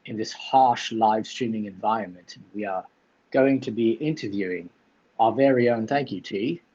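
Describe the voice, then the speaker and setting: A man's voice: fairly low pitch, moderate pace, mellow, husky, muffled recording. A man hosting a livestream, chatting playfully and teasing his guest while putting on a silly accent. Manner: jokey, put-on silly accent, teasing banter. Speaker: livestream host.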